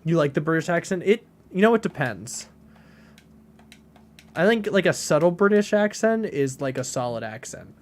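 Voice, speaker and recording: A game streamer chats with his viewers while playing, his voice fairly high and very animated. He rambles casually at a moderate pace, reading chat and filling his talk with filler words.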